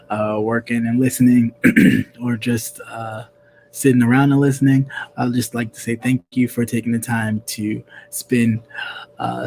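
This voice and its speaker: A man's voice: mid-range voice, darkish tone. Male host, from New York, casual stream talk, rambling delivery, mid-range voice, faint hum underneath. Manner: rambling, many fillers and throat-clearing. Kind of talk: casual live-stream chat.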